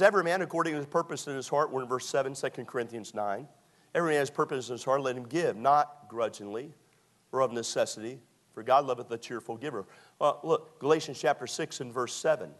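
Preacher man in his sixties. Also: medium pitch. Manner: lively preaching, reads scripture aloud, folksy storytelling. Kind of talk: sermon.

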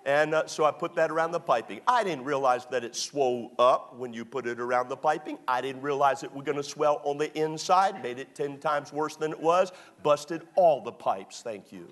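A man's voice: on the high side, moderate pace, few pauses, a bit bright. A middle-aged man, a pastor telling self-deprecating stories in a sermon, full of fillers and restarts. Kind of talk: storytelling sermon.

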